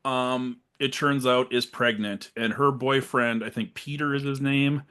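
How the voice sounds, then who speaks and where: A man's voice: medium pitch, steady tone, measured pace, pushed and bright, smooth. A man co-hosting a podcast, casually recapping a horror film and acting out its lines in funny voices. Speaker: podcast co-host.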